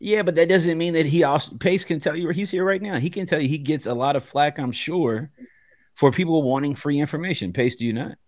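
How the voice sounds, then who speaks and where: A man on a debate panel talking casually, often checking in with a quick "right?". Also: a little high, dry recording, studio quality. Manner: conversational, keeps asking "right?".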